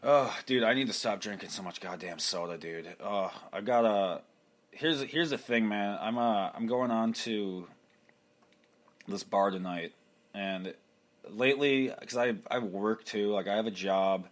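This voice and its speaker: A man's voice: on the low side, measured pace. Foul-mouthed young man rambling on a podcast. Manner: crude, profane, rambling with frequent laughs; mocking impressions of people. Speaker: podcast host. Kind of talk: solo rambling podcast monologue.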